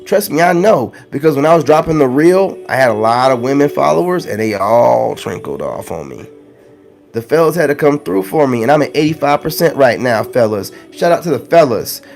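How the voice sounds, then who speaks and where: A man's voice: medium pitch, very animated, fairly quick, creaky, a little mellow, soft background music. A man ranting to his viewers in a blunt, preachy monologue, full of slang and with lines repeated for emphasis. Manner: slangy, conversational. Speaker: spiritual self-help vlogger.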